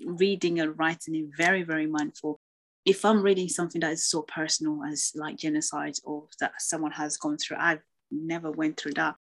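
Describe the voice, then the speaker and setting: A woman from Congo talks about books in a relaxed conversation. Her voice sits slightly low, and she sounds thoughtful and earnest, often circling back and restarting her phrases as she works out what she means. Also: moderate pace. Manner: reflective, earnest, with many restarts. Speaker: guest.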